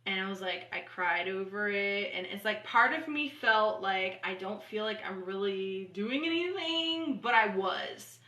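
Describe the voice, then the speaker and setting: A woman talking casually to camera about spiritual healing, earnest and rambling, swearing freely and repeating soft affirmations. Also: mid-range voice, measured pace, hardly any pauses. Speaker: spiritual channeler and vlogger. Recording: echoey room.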